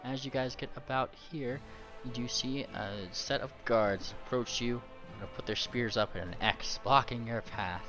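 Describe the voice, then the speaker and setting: A man narrating a tabletop game as game master, in a casual, halting way. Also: mid-range voice, steady tone, sharp tone, dull audio, faint music behind.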